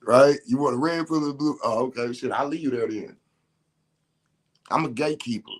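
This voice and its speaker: Male host, ordinary pitch, venting emphatically in loose slang. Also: a little fast, breathy edge. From Detroit. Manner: emphatic, slangy, repeats himself. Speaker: podcast host. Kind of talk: casual spiritual rant.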